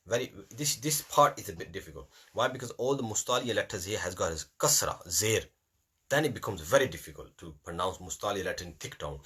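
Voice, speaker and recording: Man, mid-pitched, bright tone, explains then recites slowly. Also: big pitch swings, slightly rough. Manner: explains in English mixed with Hindi, slows right down to recite verses. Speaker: Quran recitation teacher. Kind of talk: online lesson.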